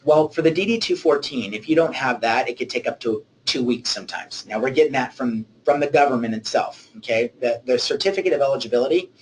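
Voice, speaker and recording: A man's voice: mid-range voice, lively intonation, fast talker, hardly any pauses, slight background noise, low-quality recording. A man presenting in a webinar as a mortgage originator, explaining rules step by step and often checking in with "okay?".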